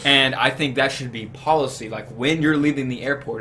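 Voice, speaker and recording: Young guy guesting on a podcast, mid-pitched voice, earnest, explains his views at length. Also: normal speed, sharp tone, slight background noise, low-quality recording. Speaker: podcast guest, new team member. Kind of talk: casual political chat.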